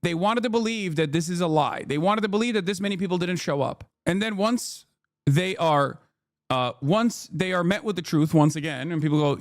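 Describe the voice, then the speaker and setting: Guy ranting on stream, kinda high voice, heated and sweary, dry close mic. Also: normal speed, no room sound. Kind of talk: livestream commentary.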